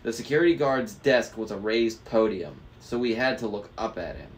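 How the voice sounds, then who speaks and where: A man's voice: on the low side, moderate pace. A man reading a novel aloud in a casual way, stumbling now and then over hard words. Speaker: book reader.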